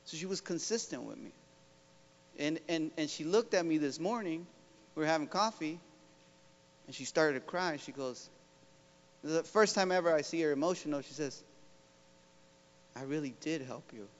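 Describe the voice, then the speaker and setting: A man with a slightly high voice gives an earnest, rallying talk as a guest professor. He keeps checking in with the audience. The sound is dull, and his voice rings through a big hall with a long echo. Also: moderate pace, pauses often. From Oakland, California. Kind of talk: motivational public talk. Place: large school hall.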